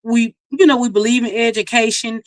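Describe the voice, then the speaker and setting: A woman's voice: a little high, fairly even intonation, a little fast, no echo. Middle-aged woman, Mississippi country accent, folksy storyteller guest, dry mic. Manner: folksy, storytelling, laughs at herself. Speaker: singer guest. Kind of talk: casual interview chat.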